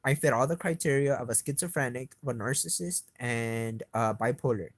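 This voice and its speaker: A young man on a swear-filled, rambling rant, agitated and hard to stop. His voice sits at an ordinary middle pitch and jumps higher when he gets heated. The sound is dry and close, with no room echo. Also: a little fast. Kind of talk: profane rambling rant to camera.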